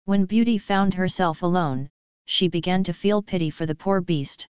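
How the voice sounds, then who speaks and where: A woman reads a fairy tale aloud in an even, measured manner. Her voice is low and very clear, recorded dry and close with a dull, lo-fi sound. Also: no echo. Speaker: audiobook narrator. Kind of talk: storybook narration.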